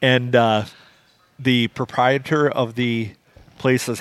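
A man's voice: medium pitch, steady tone, measured pace, no room sound. A man co-hosting a podcast, telling rambling stories in a wry, casual way. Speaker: podcast co-host.

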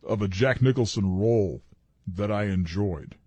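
A man's voice: on the low side, normal speed, darkish tone, breathy edge, no echo. A man chatting on a radio show as co-host, with an easygoing, agreeable manner. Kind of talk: casual talk radio banter.

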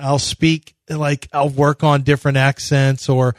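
A man's voice: medium pitch, level tone, measured pace, no room sound. A middle-aged man hosting sports talk radio, joking and teasing in casual studio banter. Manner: joking, playful, fond of teasing and tricking people. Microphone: studio microphone.

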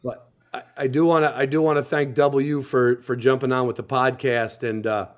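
A man hosting a podcast, talking in a relaxed, rambling way and often restarting his sentences. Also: mid-range voice, normal speed. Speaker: podcast host. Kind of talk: casual podcast chat.

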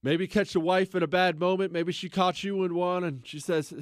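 Middle-aged guy ranting on his radio show, kinda high voice, goes loud then mutters, dead dry studio sound. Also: normal speed, few pauses, no echo. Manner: emphatic, swings between loud exclaiming and low muttering. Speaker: radio talk show host. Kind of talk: talk radio monologue.

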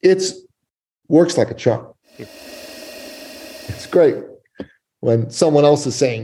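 A man telling a story as a guest in a podcast interview, animated and emphatic. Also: mid-range voice, slow, pauses often. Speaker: guest, business coach and author.

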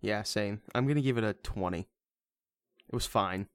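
A man's voice: on the low side, moderate pace, clean tone, dry recording. Stammering, cursing man reviewing a movie. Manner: rambling, stammering, profane. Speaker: podcast co-host. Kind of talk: casual movie review chat.

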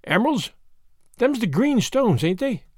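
A man's voice: very high voice, sing-song, a little slow, a little mellow, husky, no echo, studio quality, pitched above the performer's own voice, full character voice. A man voicing an eager, wide-eyed young lift boy who talks breathlessly in working-class slang in an audiobook.

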